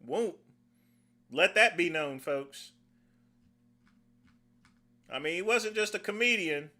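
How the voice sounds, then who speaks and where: A man's voice: high-pitched, animated, slow, pushed and bright. A middle-aged man hosting a casual livestream, rambling in a folksy way and calling his viewers "folks.". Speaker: livestream host.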